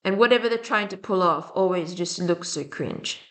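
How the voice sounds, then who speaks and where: A casual vlog rant comes from a young adult woman with a French and Slavic accent, who rambles, speaks bluntly and swears a lot. She talks at normal speed in a fairly low, fairly bright voice.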